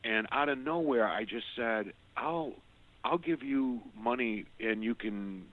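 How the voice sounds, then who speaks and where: An older man, a former radio host, earnestly telling his personal story as an interview guest, halting often and restarting his sentences. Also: mid-range voice. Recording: tinny phone-like line.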